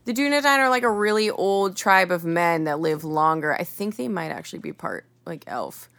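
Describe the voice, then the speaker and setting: A woman's voice: lowish voice, lively intonation, normal speed, creaky, fairly bright tone. A young woman guest on a podcast, explaining things casually with many fillers and light laughs. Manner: laughing, knowledgeable, filler-heavy. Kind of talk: casual chat.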